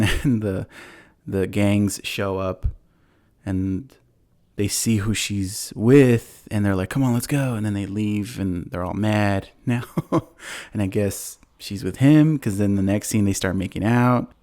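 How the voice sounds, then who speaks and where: A man hosting a podcast, casually retelling a movie plot in a rambling way, full of fillers and quick laughs. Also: lowish voice, a little mellow. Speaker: podcast host.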